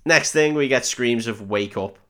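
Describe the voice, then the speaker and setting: A man's voice: mid-range voice, normal speed, fairly bright tone, clear, resonant tone. A man hosting a podcast, casually recapping a film with swearing, jokes and mocking voices for the characters. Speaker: podcast host.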